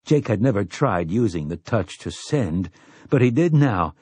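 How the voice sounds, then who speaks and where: Low, husky male storyteller. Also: expressive, darkish tone, no room sound. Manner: measured storytelling. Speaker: audiobook narrator. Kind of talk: scripted narration.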